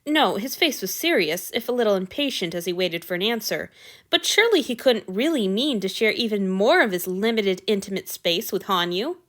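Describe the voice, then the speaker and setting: A woman narrating a fan fiction story aloud in a steady, even reading voice. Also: mid-range voice, normal speed.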